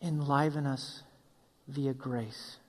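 A man's voice: mid-range voice, steady tone, takes it slowly. A man preaching a sermon as pastor, voicing his listeners' questions and closing in prayer. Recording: long reverb of a hall.

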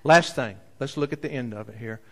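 A man preaching a sermon, telling a story with big swings from loud to soft. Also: medium pitch, brisk. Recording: long hall reverb.

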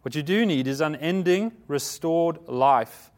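Conversational man preaching, slightly high voice. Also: unhurried. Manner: conversational preaching, asks the congregation questions; self-correcting, repeats words. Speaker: pastor. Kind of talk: sermon.

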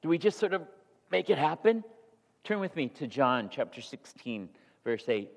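A male pastor delivering a sermon, ranging from hushed, near-whispered passages to loud, rising exhortation. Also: mid-range voice, sing-song, normal speed, gravelly. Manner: shifts from soft, near-whispered confession to loud, rising preaching. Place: church sanctuary. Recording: long hall reverb in a church.

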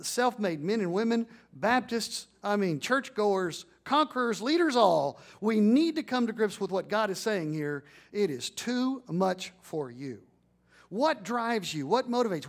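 A man with a notably high voice delivers a sermon from the pulpit. He builds his points to emphatic peaks and has the congregation repeat phrases back to him. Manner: preaching with rising emphatic peaks and call-and-response. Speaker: pastor.

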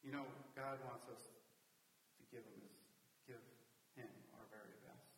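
A man delivers a sermon in a mid-pitched voice. He speaks earnestly and rises to emphatic peaks. He sits back from the microphone in a large reverberant church hall, with faint hiss behind him. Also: steady tone, a little slow, far from the mic. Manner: earnest, builds to emphatic retelling with acted quotes. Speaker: preacher.

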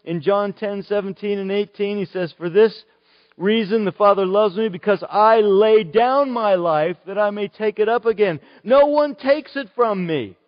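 A man's voice: high voice, moderate pace, dry recording, lo-fi sound. A man preaching a sermon, earnest and rising to emphatic declarations.

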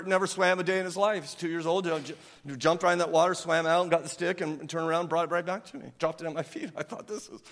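A man preaching a sermon to his congregation, animated, breaking into loud mock outrage when he quotes people. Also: on the high side. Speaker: pastor. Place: church sanctuary. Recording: long hall reverb.

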